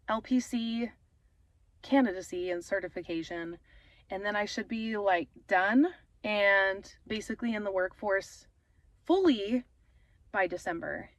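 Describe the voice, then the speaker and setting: A woman's voice: medium pitch, a bit bright, no room sound, dull audio. A young adult woman talking casually in her parked car, rambling with fillers and getting emotional. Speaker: author and vlogger. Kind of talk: casual vlog talk.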